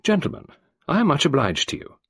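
A man's voice: a little high, wildly swooping pitch, a little fast, husky, dry recording, studio quality, pitched above the performer's own voice, exaggerated voice. A man voicing a genial Victorian novelist who speaks courteously and with amusement in a storybook reading. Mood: amused.

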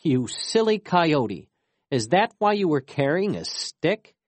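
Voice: medium pitch, sing-song, slow pace, darkish tone, dry recording, voice pushed up. A storyteller voicing a trapped woman who teases and knows more than the hero. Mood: teasing. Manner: teasing, knowing. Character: mocking trapped woman in a giant's belly.

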